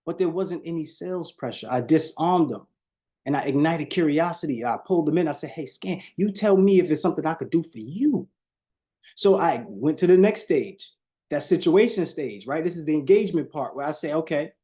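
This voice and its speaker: A man with leads a live sales coaching call, with a somewhat high voice and a dark, mellow tone. He preaches and repeats phrases, drops his voice low and slow for effect, and keeps turning to his listeners. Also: animated. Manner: preachy, repeats phrases, shifts tone on purpose, talks to audience as y'all.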